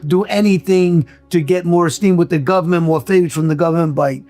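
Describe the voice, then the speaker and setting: High-voiced New host. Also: male voice, a little fast, mellow, faint music behind. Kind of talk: casual interview chat.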